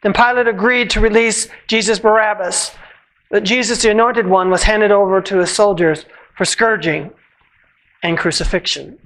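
A church reader giving a measured, solemn reading of scripture at a worship service, slowing at the ends of phrases. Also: medium pitch, fairly even intonation, a bit bright, poor audio.

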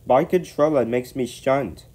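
A man's voice: mid-range voice, expressive, normal speed, mellow, pitched above the performer's own voice, natural voice. A man voicing a lazy, grumbling male tank engine who whines and makes excuses. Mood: sheepish whine. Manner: whiny, sheepish.

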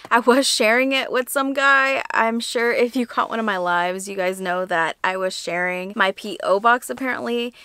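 A woman's voice: mid-range voice, a bit bright, smooth, no echo. A young woman vlogging casually about her crochet work and mail from fans, chatty and gushing, with lots of fillers and a teary edge. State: teary, emotional. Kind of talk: casual vlog chat.

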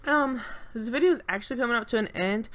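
A woman's voice: a little high, quick pace, a bit bright. Rambling, playfully cocky young woman. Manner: rambling, filler-heavy, playfully boastful. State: stuffy-nosed, a little out of breath. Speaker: co-host of a game channel. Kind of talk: casual gameplay voice-over. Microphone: desk microphone at home.

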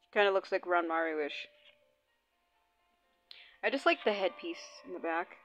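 A woman's voice: on the low side, a little slow, fairly bright tone. Young woman gamer chatting and swearing over her gameplay, kinda dull lo-fi sound, faint game music. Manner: casual, profane, chatty. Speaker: gaming channel host. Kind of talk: casual gameplay commentary.

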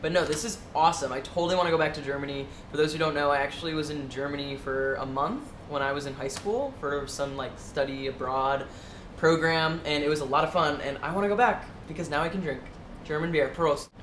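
A man's voice: a little high, steady tone, brisk, a bit bright, reverberant, slight background noise. A man with an American accent, co-hosting a casual vlog in a playful, giggly, theatrical way. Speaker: vlog co-host. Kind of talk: casual chat.

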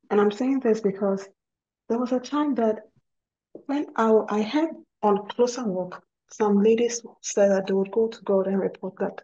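A middle-aged woman speaks to other wives in an earnest testimony, circling back over her words for emphasis. Her voice is mellow and soft-edged. The recording sounds slightly dull and muffled. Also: medium pitch, moderate pace. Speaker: guest speaker at a women's ministry program. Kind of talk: testimony and Christian teaching.

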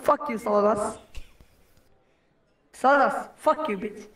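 A man's voice: extremely high pitch, slow pace, a bit bright, reverberant. A young man from Turkey, trash-talking and laughing in an online voice chat. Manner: heckling, laughing, insulting, broken English.

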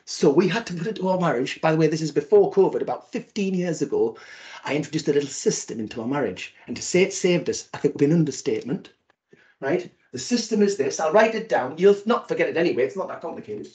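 A man's voice: on the high side, animated, fast talker, a little mellow. A man giving a talk, telling a comic story from his marriage and acting out the voices. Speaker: speaker. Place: virtual event.

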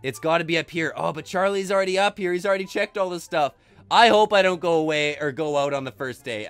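A man giving energetic let's-play commentary as a gaming YouTuber, quick to exclaim and often repeating himself. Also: a little high, smooth.

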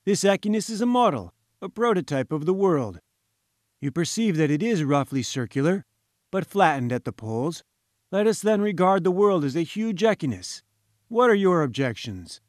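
A haughty scientist , put on by a male audiobook reader, holds forth with grand, patronizing certainty. The voice sits a touch high and the sound is dry and close, as if spoken right into the mic. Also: very animated, normal speed, a little mellow, no room sound. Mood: pompous, lecturing. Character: pompous, condescending male professor-scientist. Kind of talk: audiobook character voice.

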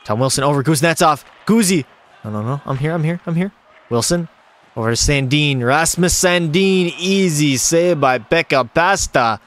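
A man's voice: on the high side, animated, normal speed, fairly bright tone. Hyped young man streaming hockey gameplay. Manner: hyped play-by-play, jokey, answers chat questions. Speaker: gaming streamer. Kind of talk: live gameplay commentary with chat.

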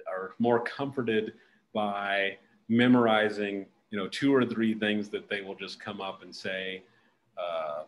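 A man hosting a casual interview, talking animatedly and acting out little snatches of dialogue. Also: on the low side. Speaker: podcast host.

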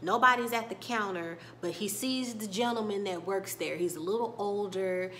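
Female reviewer, casual and chatty, mid-pitched, recapping episodes scene by scene. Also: normal speed, sharp tone, slight background noise. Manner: chatty, retelling scenes and quoting characters with little laughs. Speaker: TV show reviewer.

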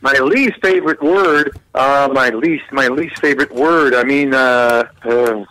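A man's voice: mid-range voice, a little slow, bright, forceful tone, low-quality recording. A man calling in to a radio interview by phone, joking around, hesitating with lots of fillers and laughs. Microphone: telephone.

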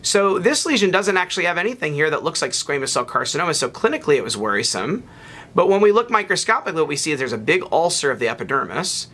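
A man with a bright, slightly high voice explains pathology slides in a loose, unscripted way. He pauses with ums and restarts phrases as he points things out. It sounds like a narrated teaching recording. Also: breathy edge. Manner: relaxed explaining with fillers and restarts. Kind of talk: narrated microscope slide lecture.

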